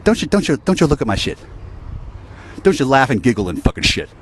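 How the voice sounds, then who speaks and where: A man's voice: medium pitch, sing-song, fast talker, slight background noise. A man ranting in an angry, profane monologue to camera, rambling with stammered restarts and sighs, recorded outdoors on a city street. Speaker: vlogger.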